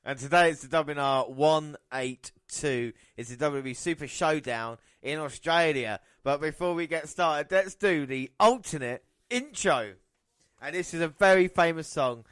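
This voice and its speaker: A man's voice: a little high, normal speed, a bit bright, clear, resonant tone, no echo, clean studio sound. A man hosting a podcast, chatting casually and calling match action play by play. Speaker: podcast host. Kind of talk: casual wrestling podcast commentary.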